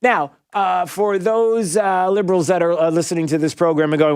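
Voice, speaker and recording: A male talk radio host, a little higher-pitched than most men, delivers opinionated commentary straight into a studio microphone. He is animated and sarcastic, and often chuckles at his own remarks. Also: normal speed, few pauses, clean tone, no room sound.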